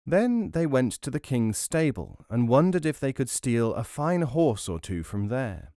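An expressive man narrating a folk tale with a storyteller's rhythm, in a mid-range voice. The sound is close and dry, with no room echo. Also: mid-range voice, a little slow. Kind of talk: scripted narration of folk tales.

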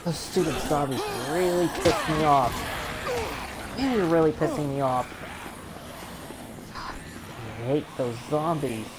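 Slow-talking frustrated gamer, loud game behind. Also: male voice, on the high side, background noise. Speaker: gameplay commentator. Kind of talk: let's play commentary.

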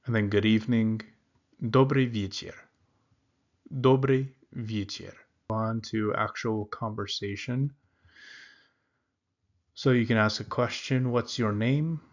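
A man teaching a beginner language lesson, saying each phrase slowly and repeating it for learners. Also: on the low side, highs cut off. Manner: slow, repeats words carefully for learners.

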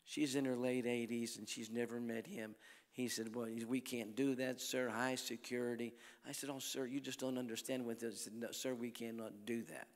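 An older man preaching at a crusade, telling folksy stories in a sermon that swings from soft talk to loud exhortation. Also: medium pitch, level tone, moderate pace. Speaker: evangelist preacher. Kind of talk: sermon with storytelling. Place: large church or arena at a crusade. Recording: long hall reverb.

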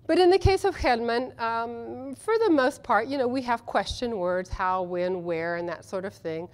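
A woman's voice: a little high, expressive, normal speed. A woman who translates literature, speaking at a conference panel in a chatty, enthusiastic way with many ums and restarts. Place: conference session room.

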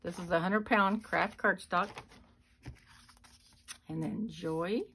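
Woman, craft vlog host, casual show-and-tell, lowish voice, slow pace. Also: pushed and bright, slight background noise. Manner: chatty, unhurried walk-through. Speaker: card-making channel host.

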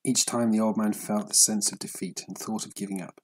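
A man narrating a story in a steady, measured audiobook reading. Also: fairly low pitch, husky, poor audio.

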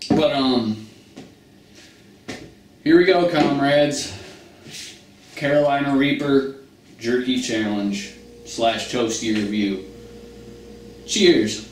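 Male vlogger, casual and crude, unhurried delivery; roomy far-mic sound. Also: medium pitch, a little hiss or hum. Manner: slow, casual, crude, talks with food in mouth. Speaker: food review vlogger. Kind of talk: casual spicy food challenge vlog. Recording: roomy audio from far mic with guitar music.

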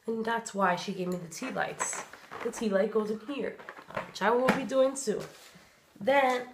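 A woman vlogging at home, chatting excitedly about her presents and sometimes dropping to a whisper. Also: a little high, measured pace, background noise. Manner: gushing, chatty, drops to soft whispers. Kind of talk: casual vlog chat. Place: home, indoors.

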